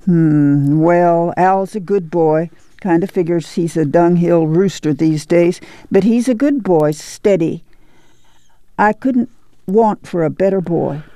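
A woman doing a calm, soothing farm mother. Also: fairly low pitch, slow, dry recording. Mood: steady, soothing. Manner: calm, soothing rural speech. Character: weary, steady farm mother. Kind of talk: audiobook reading.

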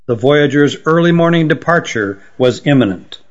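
A man reading a fantasy story aloud in measured, even scripted narration. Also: fairly high pitch. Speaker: audiobook narrator. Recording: dull lo-fi recording.

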